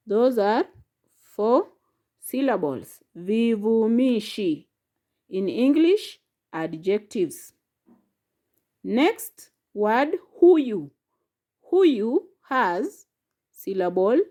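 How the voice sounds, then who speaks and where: A woman's voice: on the high side, big pitch swings, very slow, mellow. A woman teaching a language lesson, saying each word and syllable carefully and repeating it. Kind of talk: slow instructional lesson.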